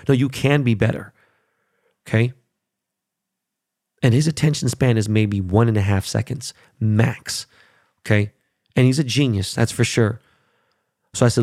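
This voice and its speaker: A man's voice: medium pitch, fairly even intonation, moderate pace, creaky, darkish tone, dry recording, clean studio sound. A man in his thirties telling viewers a heated story about his son, swearing and repeating himself. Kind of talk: casual monologue to viewers.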